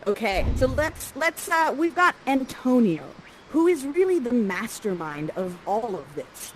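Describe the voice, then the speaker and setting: A woman coaching actors through a scene, lively and acting out lines for the performers. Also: on the high side, a little slow, slight background noise, rough recording.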